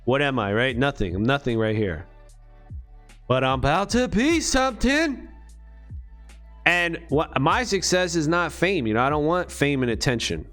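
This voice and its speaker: A man's voice: a little high, expressive, moderate pace, fairly bright tone, soft background music. A man talking to his channel in a rambling, profane monologue full of rhetorical questions. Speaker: crypto vlogger.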